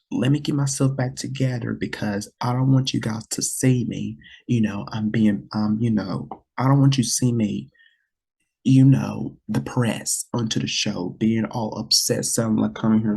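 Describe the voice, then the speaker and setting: A man's voice: mid-range voice, gravelly, dark tone, breathy edge. A man hosting his own podcast, talking to listeners in an earnest, rambling way, often repeating words and restarting. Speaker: podcast host. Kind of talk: casual solo podcast talk.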